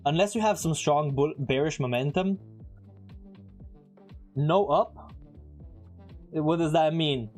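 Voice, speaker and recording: A man giving casual live-stream commentary as he trades, chatting with viewers and throwing in quick asides. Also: fairly high pitch, a little mellow, soft background music.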